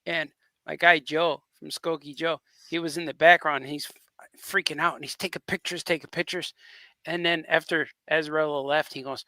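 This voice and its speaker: A playful man, co-hosting a podcast and telling stories between easy laughs. His voice is gravelly, bright and sharp, and slightly higher than most men's, recorded dry and close. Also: steady tone, moderate pace, no room sound. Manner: playful, laughs a lot, acts out quotes. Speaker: comic artist, podcast co-host. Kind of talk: casual chat.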